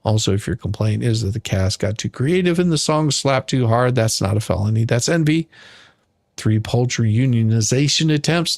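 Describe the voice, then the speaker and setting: A man tears into an absurd lawsuit with theatrical, mock-outraged sarcasm. His voice sits at an ordinary middle pitch and comes across dry and close to the mic. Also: dry recording. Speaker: commentary channel host. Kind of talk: comedic mock-legal rant.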